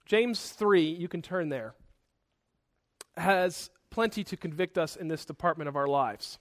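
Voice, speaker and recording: A man preaching a sermon, animated and quick to act out angry outbursts, with self-correcting asides. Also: fairly high pitch.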